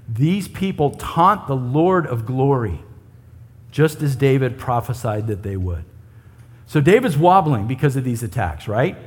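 A man's voice: mid-range voice, breathy edge. A male pastor preaching a sermon in a conversational way, often asking his listeners rhetorical questions. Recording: long hall reverb.

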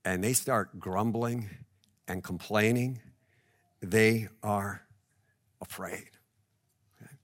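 A man's voice: on the low side, steady tone, slow, pauses often. A male pastor preaching a sermon in a conversational way, tying the scripture to everyday examples and often checking in with "right?".

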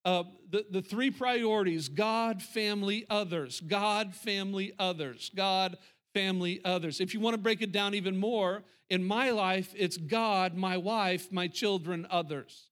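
A man's voice: high-pitched, unhurried, a bit bright. A middle-aged male pastor preaching a sermon, emphatic and repetitive, talking straight to the congregation.

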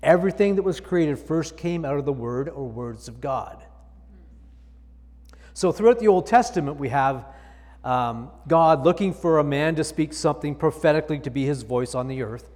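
A man's voice: on the high side, animated, moderate pace, a little mellow, long reverb tail. A male pastor preaching a sermon, reading scripture aloud and explaining it with emphatic repetition.

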